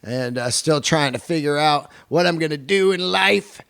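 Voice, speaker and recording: A man hosts his own podcast in a fairly high voice and talks loosely, swearing freely as he rambles through sponsor reads and chat. The close mic gives a dry sound with no room in it. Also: moderate pace, vocal fry, fairly bright tone, smooth, no echo. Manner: profane, rambling, enthusiastic. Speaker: podcast host and comedian. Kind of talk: casual podcast talk and ad reads.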